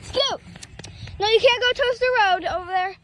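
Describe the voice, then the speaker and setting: A very high, slightly bright voice, described as a woman's, belongs to a young girl playing with her dog outdoors in a yard. Speaking at normal speed over slight background noise, she coaxes and chats to him in a playful sing-song, casual vlog-style.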